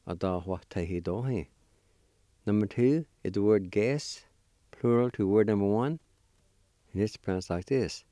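A man teaching a language lesson, spelling and pronouncing each word slowly and repeating it. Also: lowish voice, mellow, dry recording, studio quality. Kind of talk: slow spelling and pronunciation lesson.

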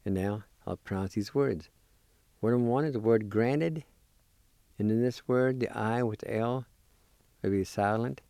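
A man teaching a vocabulary lesson, patiently spelling out each word letter by letter and pronouncing it slowly. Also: on the low side, dark tone, no echo. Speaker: language teacher. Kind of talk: slow spelling and pronunciation lesson.

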